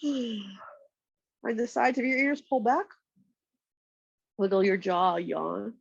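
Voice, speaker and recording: A woman with a stuffy, congested voice, calmly giving slow step-by-step yoga and massage cues on a nearby mic. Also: mid-range voice, vocal fry, husky, no echo, dull audio. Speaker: yoga instructor. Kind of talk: guided yoga instruction. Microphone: external mic nearby.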